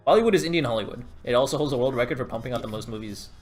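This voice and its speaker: A man chats through a live game stream, coaching viewers in a loose, rambling way full of "like" and "um". His voice sits at an ordinary middle pitch. Faint music plays behind him. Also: racing, husky. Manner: chatty, rambling, filler-heavy. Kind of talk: casual livestream commentary.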